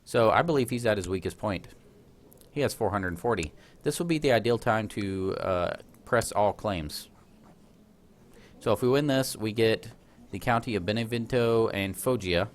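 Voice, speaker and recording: Playing a strategy game, a let's play host with a voice on the low side talks at a moderate pace. His commentary is casual and chatty, and he often pokes fun at himself and laughs about it.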